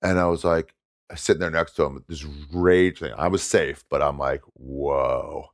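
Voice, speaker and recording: A man telling a story in casual chat, animated and laughing often as he talks. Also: very deep voice, a little slow, dry recording, clean studio sound. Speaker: guest comedian.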